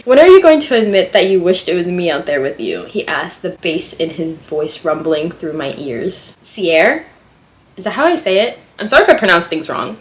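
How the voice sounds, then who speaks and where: A woman vlogging casually, reading a story aloud and breaking off into giddy, excitable reactions. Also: lowish voice, moderate pace. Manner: reads fiction aloud softly. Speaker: writing vlogger.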